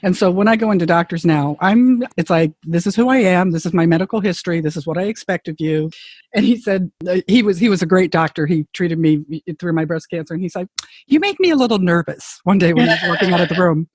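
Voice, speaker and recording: A woman's voice: lowish voice, fast talker, a little mellow, husky, no room sound. A woman podcast host in casual conversation, earnest and encouraging as she responds to her guest. Her voice is recorded close and dry, with no room sound. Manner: supportive interjections, earnest advocacy. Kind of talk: casual interview chat.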